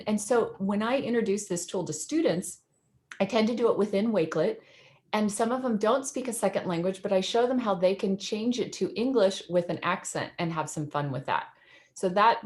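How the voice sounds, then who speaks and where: A woman teacher walks through a screen-share demo on a video call, chatty and enthusiastic and quick to laugh. Her voice sits at a middle pitch and comes through clearly over the call mic. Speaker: educator presenting in a webinar.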